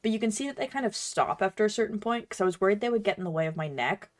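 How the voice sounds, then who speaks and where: A woman's voice: mid-range voice, lively intonation, very fast. A woman cosplayer chatting casually while she crafts, bubbly, rambling and self-deprecating. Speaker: cosplayer and streamer.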